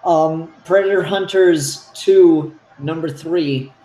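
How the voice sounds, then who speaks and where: High-voiced guy swearing a lot while he gushes about comics, echoey room. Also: takes it slowly. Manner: excitable and profane, acts out scenes. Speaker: podcast co-host. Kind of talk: casual comic chat. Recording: roomy echo.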